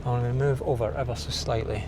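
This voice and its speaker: A man's voice: medium pitch, fairly even intonation, fast talker, background noise. A Scottish man hosting a do-it-yourself car video, talking casually and poking fun at himself as he works inside a parked car. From Scotland. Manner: chatty, self-deprecating, thinking aloud while working. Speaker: car DIY video host. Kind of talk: casual install walkthrough.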